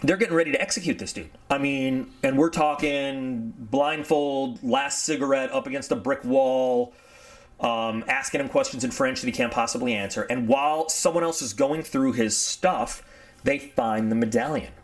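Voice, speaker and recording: A man's voice: mid-range voice, moderate pace, gravelly. Rambling, digressive male history storyteller. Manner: rambling, digressive, self-correcting; animated storyteller acting out quotes. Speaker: history channel host. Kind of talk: casual spoken history talk.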